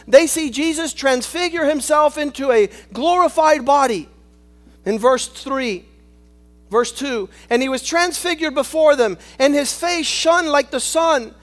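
A man preaching a sermon, swinging between shouted lines and hushed asides, calling on the congregation for amen. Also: very high-pitched. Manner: rhetorical, calls for amen.

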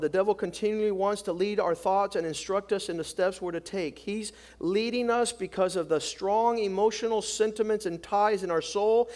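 A man's voice: high-pitched, darkish tone. A man preaching a sermon with passion, acting out the voices of scripture and often repeating words as he starts a thought.

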